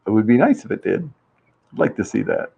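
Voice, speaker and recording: A man's voice: lowish voice, huge pitch swings, fairly quick, vocal fry, warm tone, slightly rough, highs cut off. A man hosting a casual live-stream survey game, chatty and reading viewers' answers aloud with easy laughs. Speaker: livestream host running a survey game.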